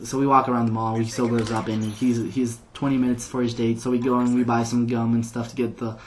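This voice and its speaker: His voice is medium-pitched and darkish, delivered flatly and quickly, as he commentates gameplay. The man tells a rambling story heavy on "like" and sometimes laughs at his own tale.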